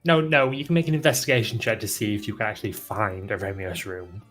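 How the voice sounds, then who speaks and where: Male game master, lowish voice, relaxed narration with fillers. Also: quick pace, soft background music.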